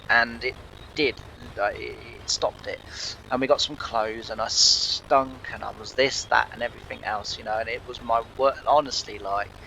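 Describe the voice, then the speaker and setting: A man tells a personal story in a rambling, halting way, full of restarts. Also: medium pitch, gravelly, pushed and bright, slight background noise, poor audio. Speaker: farming game channel host.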